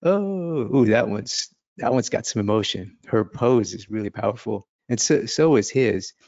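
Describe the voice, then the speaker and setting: Male art instructor, chatty and laughing as he sketches, gravelly, close and dry. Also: lowish voice, fairly even intonation, moderate pace, darkish tone, no room sound, highs cut off. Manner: chatty, laughing, thinking aloud while sketching. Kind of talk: casual drawing lesson.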